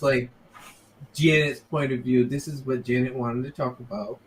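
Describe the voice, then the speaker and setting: A man on a podcast as a guest, talking in a laid-back, unhurried way. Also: mid-range voice. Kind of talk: casual chat.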